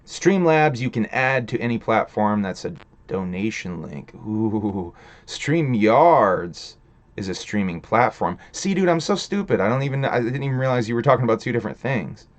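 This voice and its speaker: This livestream host is a man with a somewhat low voice who talks briskly and expressively. His casual delivery is full of swearing and filler as he rambles across topics and responds to messages from chat.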